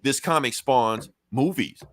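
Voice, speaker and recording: A man hosting a podcast, recapping a comic in a casual, animated way, swearing freely and briefly acting out characters' lines. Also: medium pitch, a little slow, no room sound. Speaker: podcast host.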